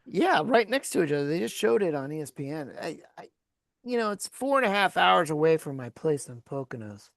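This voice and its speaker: Woman co-host, gravelly low-ish voice, lively storyteller, dry close sound. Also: fairly quick, no echo. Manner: lively storyteller who laughs often. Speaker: podcast co-host and former sports agent. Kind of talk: casual sports chat.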